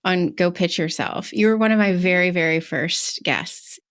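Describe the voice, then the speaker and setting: A woman's voice: fairly low pitch, normal speed, a bit bright, clean tone. A woman hosting a podcast, upbeat and chatty, laughing along and cutting in with questions. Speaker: podcast host. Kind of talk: casual interview.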